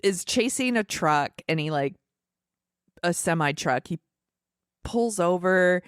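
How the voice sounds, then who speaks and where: A woman's voice: on the low side, animated, takes it slowly, clear, resonant tone, no room sound, clean studio sound. A woman co-hosting a casual movie podcast, wryly recapping scenes and commenting as she goes. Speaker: podcast co-host. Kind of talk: casual chat.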